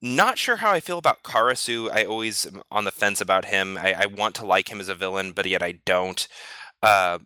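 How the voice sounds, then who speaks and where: A man's voice: fairly low pitch, expressive, brisk, pushed and bright, clean tone, no echo. A man talking casually on a podcast panel, enthusiastic and stammering on restarts. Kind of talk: casual discussion.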